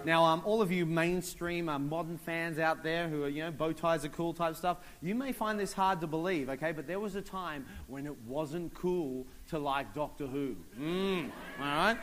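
A man doing stand-up storytelling in a high, bright, sharp voice. He is animated and slips into other characters' voices as he goes. Faint music sits behind him. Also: moderate pace, hardly any pauses. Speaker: stand-up comedian.

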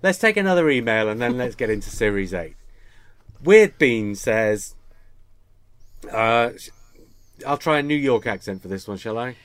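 A man's voice: medium pitch, lively intonation, fairly quick, fairly bright tone, smooth, dry recording. A man hosting a podcast, joking with his co-hosts and reading listener emails aloud. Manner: jokey, bantering. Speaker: podcast host.

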